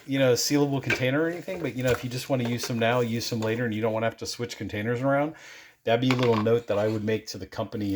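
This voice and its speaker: A man's voice: medium pitch, background noise. An older man hosting a casual product review, talking in a rambling, chatty way and often correcting himself mid-sentence.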